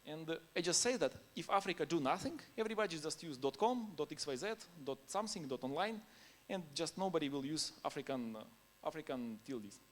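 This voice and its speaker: A man's voice: on the high side, animated, a little fast, hardly any pauses. Man speaking non-native English at a conference. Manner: laughs between points. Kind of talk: conference talk.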